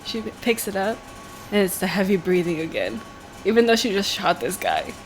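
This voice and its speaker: A woman co-hosting a podcast, retelling a horror episode in a casual, animated way with lots of "like". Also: mid-range voice, soft background music. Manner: animated retelling, says "like" often, quick laughs. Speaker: podcast co-host. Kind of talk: casual chat.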